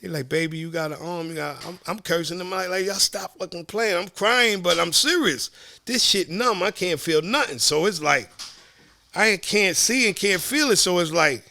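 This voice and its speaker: A middle-aged man from Southside Jamaica Queens with a New York accent, telling stories as a podcast guest in an animated, profane way. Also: high voice, moderate pace, creaky, no room sound. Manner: animated, profane, acts out quoted voices. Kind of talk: casual storytelling.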